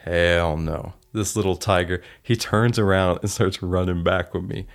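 A man's voice: low voice, steady tone, measured pace, vocal fry. A man hosting a solo podcast, telling stories in an earnest, heartfelt way. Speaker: podcast host.

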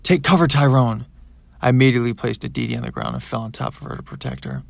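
A man narrating a science-fiction audiobook in the first person, in a plain, even storytelling manner. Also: mid-range voice, gravelly, no echo.

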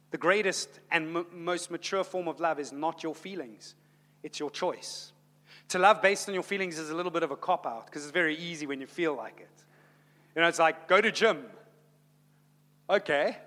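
A man preaching a sermon as pastor, shifting between quiet and loud, exclaimed passages. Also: fairly high pitch. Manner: dynamic preaching, swings from soft to loud. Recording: long hall reverb.

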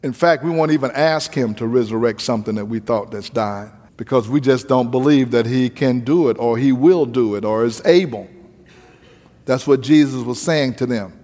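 A man preaching a sermon, moving from calm teaching into shouted, sing-song preaching. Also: medium pitch, normal speed. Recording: long reverb of a large hall.

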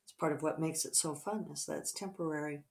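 A middle-aged woman author talking casually over morning coffee, reflective and rambling with soft fillers. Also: sits low, quick pace, creaky.

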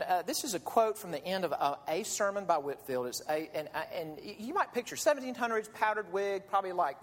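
Earnest pastor preaching in a reverberant hall. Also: male voice, high voice. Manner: earnest, pleading, rhetorical questions. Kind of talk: sermon. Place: church sanctuary. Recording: long reverb of a large hall.

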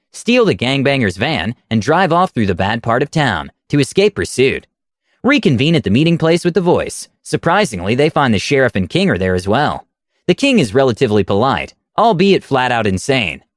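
A man narrating a story with an animated, wide-ranging pitch and wry, deadpan asides. His voice sits at a middle pitch and sounds close and dry, with no room around it. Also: normal speed, no room sound. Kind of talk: reading a story aloud.

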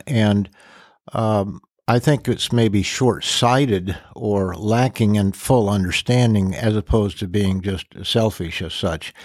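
An older man, a minister, answering as a podcast guest in a measured, thoughtful way with pauses and fillers. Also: on the low side, a little mellow, no room sound, clean studio sound. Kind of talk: casual podcast interview.

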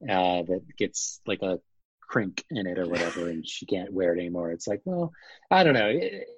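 A man's voice: sits low, lively intonation, normal speed, slightly rough, no echo, low-quality recording. A man who works as a wedding photographer, chatting casually in an interview, rambling with lots of fillers.

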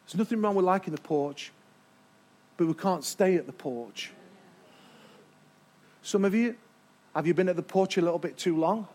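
A man's voice: high-pitched, moderate pace, pauses often, a little mellow. A man preaching a sermon to a live congregation, emphatic and stretching key words as he draws in the crowd. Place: church before a live congregation.

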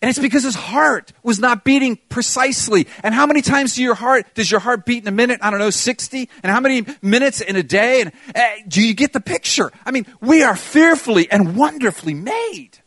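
A man's voice: very high-pitched, brisk, hardly any pauses, a bit bright, dry recording. An older man preaching a sermon as pastor, earnest and pleading, putting questions to his congregation.

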